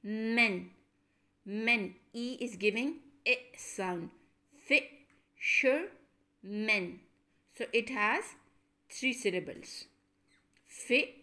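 Slow woman teacher drilling syllables. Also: fairly high pitch, pushed and bright. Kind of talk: classroom lesson.

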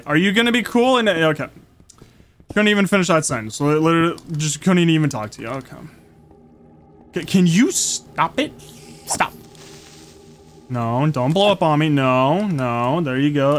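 A man giving casual, excitable commentary while playing a survival game, chatting to the creatures on screen. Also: medium pitch, a little hiss or hum. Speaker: gameplay streamer.

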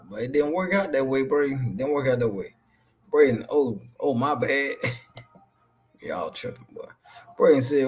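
Laid back guy on a stream cracking up reading chat out loud, medium voice. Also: mid-range voice, unhurried, pauses often. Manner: laughing, teasing, tags lines with "boy". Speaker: co-host of a wrestling live stream. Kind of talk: casual chat, reading viewer comments aloud.

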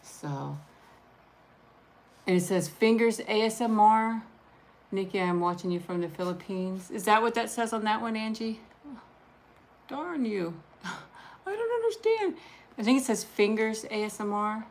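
A woman hosting a casual live stream, chatting warmly and gushing, thanking viewers one by one. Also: mid-range voice, unhurried, pauses often. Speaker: livestream host showing handmade junk journals.

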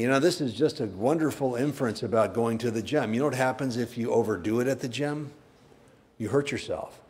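A man pastor preaching a sermon, conversational and plain-spoken, with sudden animated bursts. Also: mid-range voice.

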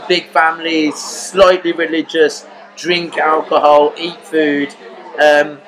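A man from Birmingham, England, with a Birmingham accent, chatting as a guest on a podcast and telling stories in an animated, joking way with crude humour. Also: fairly high pitch, takes it slowly, a crowd in the background, poor audio. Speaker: guest comedian. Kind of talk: casual podcast chat.

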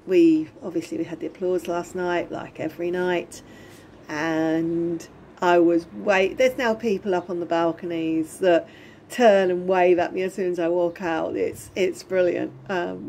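A middle-aged woman talks through her day in a casual home video diary, rambling and prone to giggles. Her voice sits slightly low and carries a gravelly edge. She takes her time, speaking at a slow, easy pace. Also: warm tone, slight background noise. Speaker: vlogger. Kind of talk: casual lockdown diary vlog. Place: home in Spain during lockdown.

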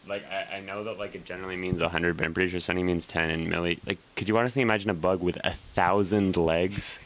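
A teenage boy co-hosting a school show, arguing a point in a low-key way. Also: fairly even intonation, quick pace, a bit bright, a little hiss or hum. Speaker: student co-host.

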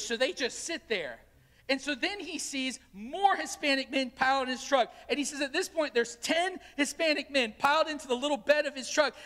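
A pastor with a high, sharp-toned voice preaches a storytelling sermon in a church sanctuary, animatedly acting out the quotes. A long reverb tail follows his words.

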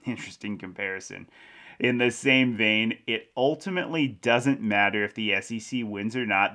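A man's voice: lowish voice, bright, forceful tone. A man hosting a crypto news show, reading an article aloud and adding casual commentary with small laughs.

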